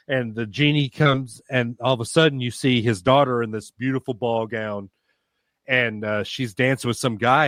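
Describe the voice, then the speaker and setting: A man co-hosting a casual podcast, speaking at a middle pitch. He tells stories in a rambling, animated way. His voice sounds close and dry, with almost no room echo. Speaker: podcast co-host. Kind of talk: casual chat.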